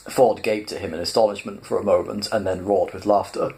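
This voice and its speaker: Man reading a story aloud, low voice. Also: fairly even intonation, fairly quick, hardly any pauses, warm tone, poor audio.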